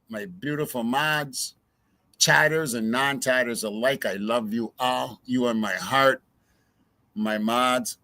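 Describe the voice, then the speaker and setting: A man's voice: medium pitch, a bit bright, dry recording. A man hosting a true crime livestream, ranting in a heated, profane way to his viewers. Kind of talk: casual livestream commentary.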